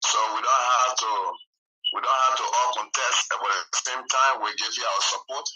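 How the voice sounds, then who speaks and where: A man from Liberia, a political candidate, calls in by phone. His voice is very bright and sharp, and he talks in formal, measured campaign language. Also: medium pitch, fairly even intonation, rough recording. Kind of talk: remote call-in interview. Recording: audio over a messaging-app call.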